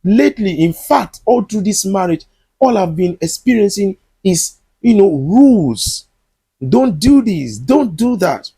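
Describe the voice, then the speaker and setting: Guy reading out a fed-up wife walking out, earnest and explaining herself, voice pushed up higher, a bit husky. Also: lively intonation, measured pace, mellow, full character voice. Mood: resolved. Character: hurt wife leaving a controlling marriage.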